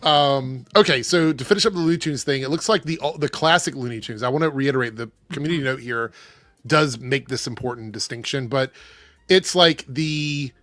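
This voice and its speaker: A man's voice: mid-range voice, a little fast, a bit bright, dry recording. A man hosting a casual panel livestream, reading viewer messages and giving blunt opinions. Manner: opinionated, blunt, reads super chats aloud.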